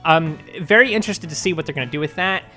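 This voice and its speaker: A man with a slightly higher voice talks through a casual fan commentary video. He rambles and speculates, padding his thoughts with ums and likes, over faint background music. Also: fast, bright, forceful tone. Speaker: fandom news video host.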